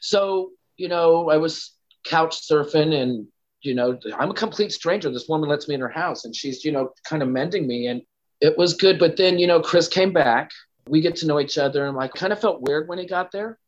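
A man's voice: fairly high pitch, lo-fi sound. A man telling a candid personal story as an interview guest, rambling with lots of "you know" and "like".

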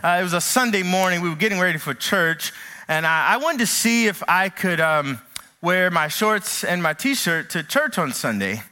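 A man from the American South delivers a sermon with a high, bright, ringing voice. He stretches the key phrases slowly and doubles back on his words as he builds a point. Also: lively intonation. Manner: preacherly, with dramatic slow-downs and repeated words. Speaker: pastor.

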